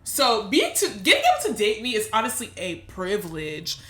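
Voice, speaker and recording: A woman's voice: mid-range voice, wildly swooping pitch, a little fast, a bit bright, reverberant. A young woman co-hosting a podcast, talking candidly and emotionally in casual chat, swearing freely. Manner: emotional, swears freely, laughs through tears. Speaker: podcast co-host.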